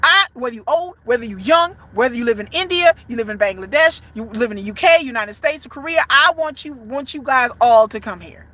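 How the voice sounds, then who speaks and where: A woman with a high, bright and forceful voice delivers ranting commentary as a content creator. She is blunt and emphatic and curses freely. Her delivery leans into every point. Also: lively intonation, a little fast, hardly any pauses. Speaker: fan content creator for a band.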